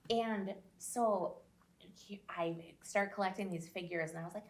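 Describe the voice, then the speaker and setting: A middle-aged woman telling lively anecdotes in casual conversation, acting out what others said. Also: medium pitch, a little slow. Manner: animated, acts out quoted people in a raised voice. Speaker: guest, social media creator. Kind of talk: casual storytelling.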